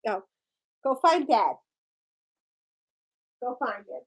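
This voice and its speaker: A woman's voice: fairly high pitch, big pitch swings, takes it slowly, slightly rough. A woman vlogger at home, cooing at her pets in baby talk and laughing often. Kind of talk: casual home vlog.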